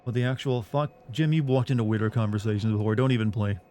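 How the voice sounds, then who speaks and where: A man's voice: lowish voice, quick pace, warm tone. Sarcastic man ranting to his stream chat. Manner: incredulous and sarcastic, swearing freely, arguing with chat. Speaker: game streamer. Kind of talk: casual live-stream chat with viewers.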